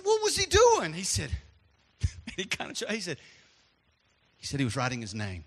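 A man preaching a sermon as pastor, animated and storytelling, dropping to a hush and then rising loud. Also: high voice, moderate pace, pauses often, long reverb tail.

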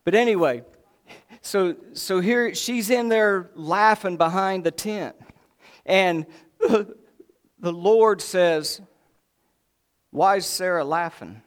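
A male preacher delivering a sermon in a folksy, animated way. He breaks off into joking asides to the congregation. His voice sits a little high for a man. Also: slow, long pauses, clear, resonant tone.

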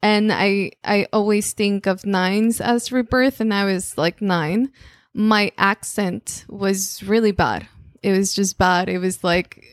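A woman's voice: medium pitch, fairly even intonation, slow, no room sound, studio quality. A woman from Mexico with a Mexican Spanish accent, a native Spanish speaker, giving a reflective monthly spiritual talk as a channeler and telling personal stories with frequent restarts.

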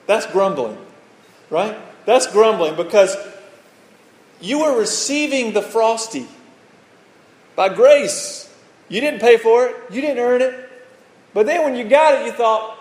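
Pastor preaching in an echoey hall. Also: male voice, extremely high pitch, lively intonation, slow, long pauses, darkish tone. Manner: conversational storytelling, often asks "right?". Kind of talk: sermon. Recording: echoey hall with long reverb.

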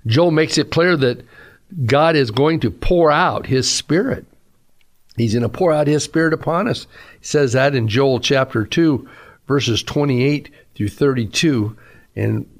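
A man, a pastor, giving an earnest radio sermon that rises to emphatic peaks. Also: mid-range voice.

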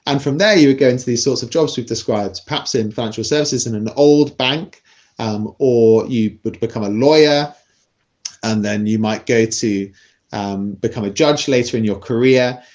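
A man with a posh British accent explaining a topic in a thoughtful, measured podcast conversation, often restarting his sentences. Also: medium pitch, darkish tone. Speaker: podcast guest explaining class.

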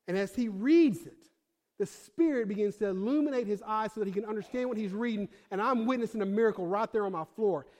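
High-voiced man preaching a casual sermon. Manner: conversational storytelling with fillers, swings from hushed to fired-up. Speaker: pastor.

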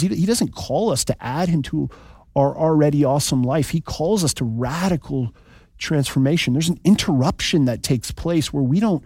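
A man's voice: fairly high pitch, a little mellow, slightly rough, dry recording, studio quality. A man preaching a sermon as pastor in a casual, joking way with many asides to the listeners. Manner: conversational, joking, asks "right?" often.

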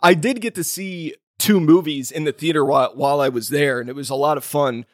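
A man's voice: a little high, a little fast, no room sound, studio quality. A man co-hosting a podcast in casual chat, rambling loosely with lots of filler words and the odd swear. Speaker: podcast co-host.

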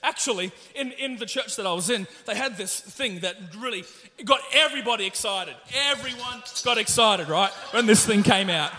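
Very high-voiced, energetic male preacher. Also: moderate pace. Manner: energetic, exclaiming, leading the congregation. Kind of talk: sermon. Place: church sanctuary. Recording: long hall reverb with faint music.

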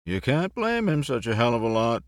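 A man's voice: medium pitch, very animated, normal speed, dry recording, pitched above the performer's own voice, close to an everyday voice. A man voicing an easygoing, wry man who talks in a short, laconic way. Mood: laid-back.

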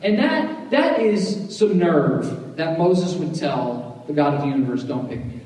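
A man's voice: a little high, lively intonation, unhurried, mellow. A man preaching a sermon as pastor, conversational and joking, often checking in with "right?". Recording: echoey hall, voice from far off.

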